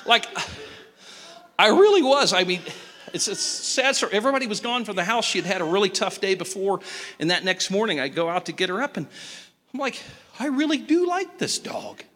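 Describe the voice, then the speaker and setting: A man in his fifties, a pastor giving a sermon with lively, joking storytelling and sudden jumps in pitch. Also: quick pace, in a large hall.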